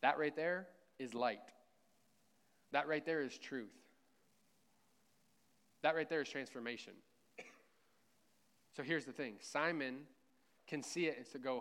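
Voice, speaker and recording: A man's voice: mid-range voice, a little slow, long pauses, a bit bright. A man preaching a conversational sermon, with joking asides and a self-deprecating tone. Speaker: pastor.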